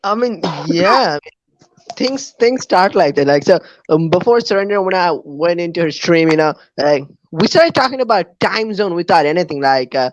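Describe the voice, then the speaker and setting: A young adult podcast host in casual chat, hesitant and filling pauses with many fillers. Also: medium pitch, lively intonation, no room sound, muffled recording. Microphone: online podcast recording app.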